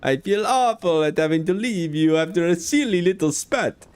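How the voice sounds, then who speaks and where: A man voicing a lovesick male letter writer in a put-on mock Italian accent, high and theatrical. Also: lively intonation, normal speed, a little mellow, clean tone. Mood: pleading.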